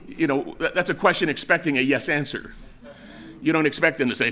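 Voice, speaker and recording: Bright-voiced older man preaching casually. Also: fairly high pitch, fairly quick. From United States. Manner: conversational storytelling with many fillers and restarts. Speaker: pastor. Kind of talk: sermon.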